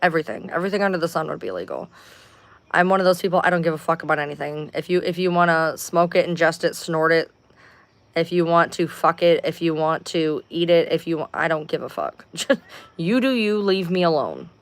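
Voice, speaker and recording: A woman's voice: low voice, fairly quick. Profane, rambling woman chatting on a livestream. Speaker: livestream host. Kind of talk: casual livestream chat. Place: at home.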